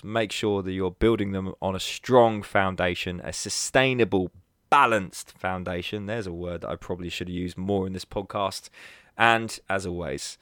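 A man's voice: sits low, a bit bright, dry recording, studio quality. A man hosting his own podcast, talking casually and animatedly and laughing at his own slips. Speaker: podcast host. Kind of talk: solo podcast monologue.

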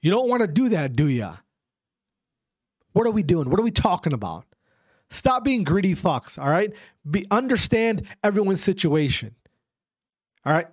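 A man's voice: sits high, darkish tone, no echo, clean studio sound. A young man delivering a heated, profane rant to his viewers, lecturing and repeating himself with frequent "all right?" checks. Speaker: esports commentator ranting to viewers.

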